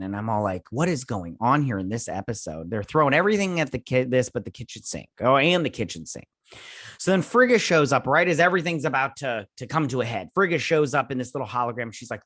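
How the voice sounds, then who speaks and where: A man recapping an episode in a loose, sarcastic ramble, dropping filler words as he goes. His voice sits at an ordinary middle pitch. The sound is dry and close, with no room echo. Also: normal speed, a bit bright. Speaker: host.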